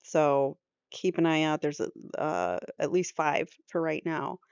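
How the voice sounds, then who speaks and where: A woman's voice: deep voice, sing-song, measured pace, darkish tone, clear, resonant tone, no echo, dull audio. A woman host giving casual commentary, explaining what the clips show. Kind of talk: commentary over interview clips.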